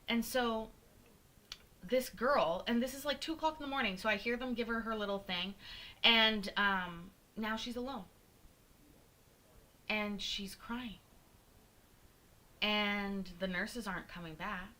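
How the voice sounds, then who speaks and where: A woman's voice: medium pitch, a little slow, long pauses, pushed and bright, low-quality recording. A young adult woman co-hosting a live show, telling a personal story in a candid, profane, emphatic way. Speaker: podcast co-host.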